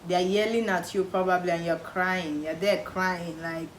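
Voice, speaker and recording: Her voice is lowish and her speed normal as this young Nigerian woman, speaking with a Nigerian accent, offers casual advice on camera. With animated energy she imitates her relatives' words, leaning on emphatic repetition, in an echoey room carrying faint background noise.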